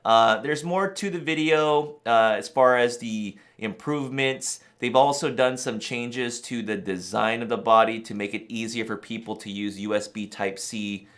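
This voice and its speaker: A man hosting a camera channel, reacting to a new release in a rambling, excitable way and laughing in disbelief. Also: fairly low pitch. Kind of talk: excited casual reaction vlog.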